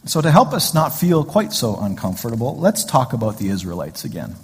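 Husky preacher in an echoing hall. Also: male voice, medium pitch, sing-song, brisk. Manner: conversational, joking asides, rhetorical questions. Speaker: pastor. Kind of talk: sermon. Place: church sanctuary. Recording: long hall reverb.

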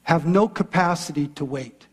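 A man's voice: a little high, moderate pace, long reverb tail. A man preaching a sermon as pastor, retelling a story with voiced quotes.

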